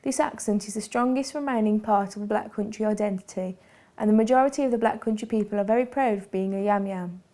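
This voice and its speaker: Mellow-voiced woman narrating a documentary. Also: medium pitch. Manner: measured, formal delivery.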